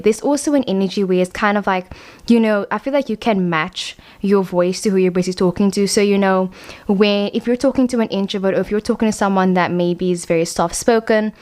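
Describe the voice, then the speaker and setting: A woman giving a casual pick-a-card tarot reading to camera, chatty and rambling, full of "like" fillers, at times lively and quick. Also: mid-range voice.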